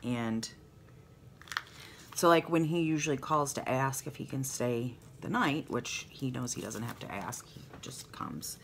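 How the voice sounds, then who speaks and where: Older woman vlogger, low gravelly voice, slow rambling chat, faint hiss behind. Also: expressive. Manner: rambling, heartfelt, trails off into asides. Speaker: planner vlogger. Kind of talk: chatty planner vlog.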